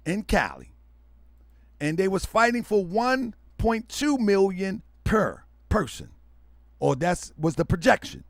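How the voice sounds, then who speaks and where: A loud, hyperactive man hosting a livestream, talking to his viewers as family and repeating himself for emphasis. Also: high-pitched, dry recording, studio quality. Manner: preachy, calls listeners family. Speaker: online show host.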